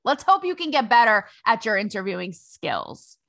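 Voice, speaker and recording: A young adult woman hosting a podcast, telling a story in a sassy, slangy, animated way. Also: medium pitch, normal speed. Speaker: podcast host. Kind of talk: casual storytelling commentary.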